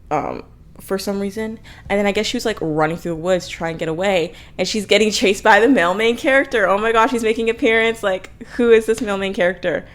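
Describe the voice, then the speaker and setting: A young woman hosting a book review channel, chatting casually, animated and blunt, swearing often. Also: medium pitch. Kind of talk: casual chat.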